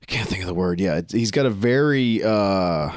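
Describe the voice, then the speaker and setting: Low-voiced man, halting and profane. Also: lively intonation, slight background noise. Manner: halting, profane, trails off mid-thought. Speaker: podcast co-host. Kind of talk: casual chat.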